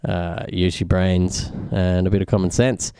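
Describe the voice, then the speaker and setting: Man, sim racing commentator, smooth clear voice, dry close sound. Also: sits low, steady tone, a little slow, warm tone, no room sound. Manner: explains each corner of the track, upbeat. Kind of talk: live race commentary.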